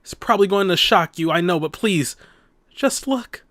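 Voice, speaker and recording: A man voicing a teary, earnest male deputy who pleads in a hushed, insistent voice. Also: sits high, normal speed, no room sound, clean studio sound. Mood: urgent pleading.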